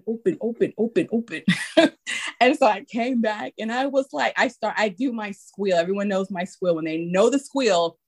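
A woman in casual conversation, recounting an anecdote and acting out the people in it with high, squealing voices. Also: moderate pace, hardly any pauses. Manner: animated, acts out quotes in high squeals. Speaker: guest; childcare teacher. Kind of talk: casual storytelling chat.

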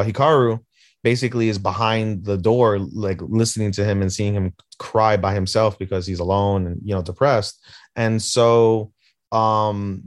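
A man with a somewhat low voice recaps an anime episode in loose, casual podcast chat. He acts out the characters' lines with big swings and swears freely. The sound is dry and close. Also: no echo. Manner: animated retelling, acting out characters' lines with swearing. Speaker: podcast co-host.

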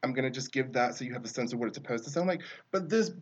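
A man's voice: medium pitch, lively intonation, very fast, slightly rough, dull audio. A man talking through a film review in a casual, rambling way, often breaking off mid-sentence and laughing.

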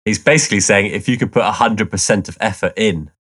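A man's voice: on the low side, quick pace, a bit bright, breathy edge. A man co-hosting a podcast, easygoing, explaining and reading out background notes. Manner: easygoing, explains and laughs along. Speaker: podcast co-host.

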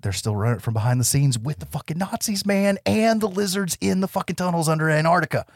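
A man with a high, very animated voice recaps a movie on a podcast, laughing and swearing as he acts out the scenes. The sound is close and dry, with no room in it. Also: quick pace, no echo. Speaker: podcast co-host. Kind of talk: casual film chat.

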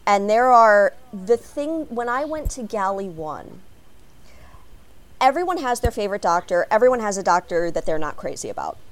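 A woman from Chicago with an American accent, telling animated stories as a fan on a panel before a live audience. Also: medium pitch, normal speed. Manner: expressive, animated storytelling.

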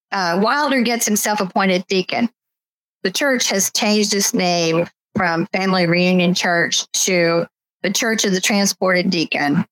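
A woman author talking about her books and reading a passage from her novel in a steady, measured way. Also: mid-range voice, no room sound, poor audio.

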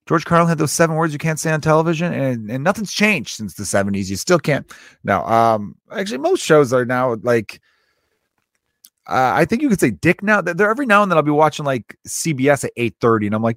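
A young man hosting a comedy podcast, talking in a profane, rambling monologue with jumpy pitch. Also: sing-song, brisk, fairly bright tone, no room sound, studio quality.

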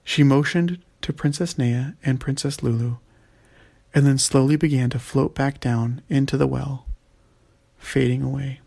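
Guy reading a kids fantasy story, gravelly voice, mid pitch. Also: fairly even intonation, measured pace, warm tone. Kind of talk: scripted story narration.

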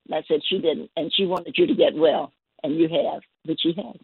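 A woman guest telling a gentle story on a call-in show, halting and repeating her words. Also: low voice, steady tone, gravelly, breathy edge, no echo. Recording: dry tinny phone line.

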